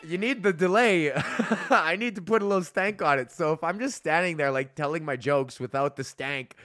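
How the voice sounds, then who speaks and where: A man hosting a podcast, telling a profane, animated story in a casual rant, often laughing. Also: a little high, no room sound, clean studio sound. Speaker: podcast host. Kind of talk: casual ranting monologue.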